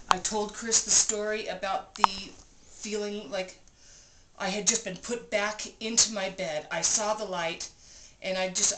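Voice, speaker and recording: A woman vlogger in a cabin room, telling a personal story in an animated, breathless way and repeating phrases for emphasis. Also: mid-range voice. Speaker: vlogger recounting an experience. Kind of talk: casual storytelling. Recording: roomy room with clear background noise.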